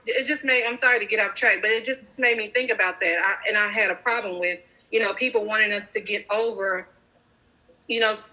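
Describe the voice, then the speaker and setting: A woman's voice: fairly high pitch, sharp tone, poor audio. A mother speaking with impassioned emphasis in a casual group discussion.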